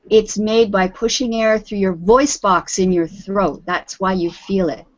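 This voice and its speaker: A woman's voice: mid-range voice, fairly even intonation, measured pace, hardly any pauses. A woman teaching an online English group lesson, patient and encouraging, calling on students by name. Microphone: video call audio. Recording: dull lo-fi video call audio.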